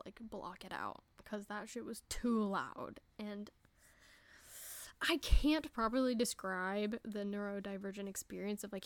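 A young woman hosting a casual solo podcast, chatty and giggly, swearing freely and breaking into quick voices. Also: mid-range voice, no room sound. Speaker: podcast host.

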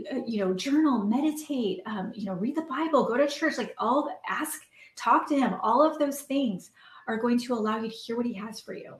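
A woman in her thirties with a mid-range voice gives a heartfelt motivational talk as a podcast host and coach. She's earnest and emotional and uses lots of fillers, and the room has a noticeable echo.

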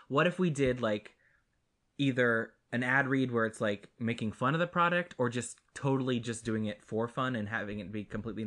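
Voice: medium pitch, fairly bright tone. A podcast co-host chatting casually, rambling a bit and laughing often. The voice sits in a middle range. They sound a little self-conscious but keep the banter going. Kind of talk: casual chat.

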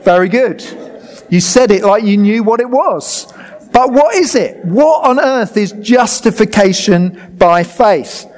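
A man preaching to a live congregation, lively and joking with the crowd as he directs a demonstration. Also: sits high, measured pace.

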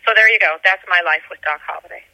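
An author chats with a very bright, sharp tone in an animated, storytelling manner. Her voice sits dry and close with almost no room sound. She talks about her work like an eager woman guest on an interview show. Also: on the low side, fast, dry recording, poor audio. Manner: enthusiastic, storytelling. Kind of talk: conversational interview. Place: Georgia, USA.

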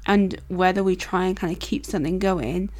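A woman's voice: lowish voice, fairly even intonation, moderate pace, a little mellow. A woman co-hosting a faith podcast, telling a story in a casual way with lots of "like" and "kind of". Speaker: podcast co-host.

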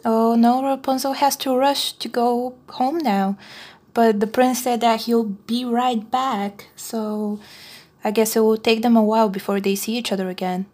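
A woman's voice: fairly high pitch, fairly even intonation, measured pace, darkish tone. A woman chattily narrating the plot of a film as she watches it. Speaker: co-host film reviewer. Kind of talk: casual commentary while watching a film.

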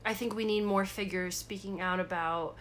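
A woman's voice: mid-range voice, steady tone, moderate pace, fairly bright tone, slight background noise. A woman co-hosting a podcast in casual chat, speaking in a supportive, earnest, reflective way. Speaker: podcast co-host.

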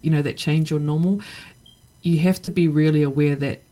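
A woman's voice: low-pitched, steady tone, normal speed, dark tone, poor audio. A middle-aged woman talking reflectively in a casual podcast conversation, with many fillers and restarts. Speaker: podcast guest.

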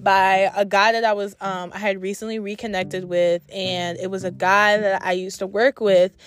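A woman's voice: medium pitch, little pitch movement, moderate pace, soft background music. A young adult woman telling a story to her camera in a blunt, profane, exasperated storytime rant. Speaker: vlogger.

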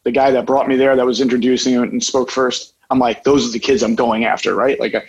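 A man, a life coach, talking in a casual podcast chat, telling a lively story and often checking in with "right?". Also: mid-range voice. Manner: energetic, fast storyteller saying "right?" often. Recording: slightly dull, lo-fi podcast audio.

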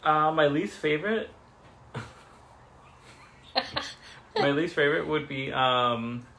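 A man co-hosting a podcast in a casual chat, pausing often on fillers such as um, like and you know. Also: on the high side, creaky, bright, forceful tone. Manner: hesitant, lots of fillers. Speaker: podcast co-host.

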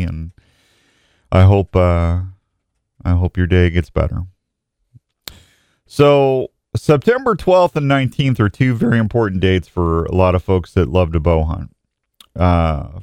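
A man's voice: low voice, darkish tone, smooth, no room sound, studio quality. A middle-aged man hosting a radio show, talking in a folksy, rambling way. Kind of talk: casual radio talk.

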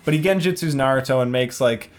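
A man co-hosting a podcast, recapping anime episodes in casual, profane chat and acting out characters in quick quoted bits. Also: mid-range voice. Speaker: podcast co-host.

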